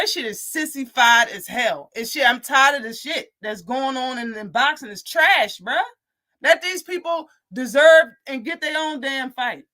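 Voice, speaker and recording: Boxing show host going off on a live stream, swears a lot, sharp bright tone, loops back on the same points. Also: mid-range voice. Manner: heated, profane, repetitive. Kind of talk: casual ranting commentary.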